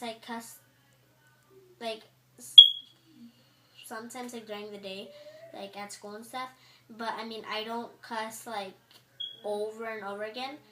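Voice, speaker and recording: A woman's voice: fairly high pitch, bright, forceful tone. Chatty teen girl vlogger, echoey room. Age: teens. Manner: chatty, exasperated, acts out quotes. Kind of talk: casual chat to camera. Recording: echoey room with faint noise.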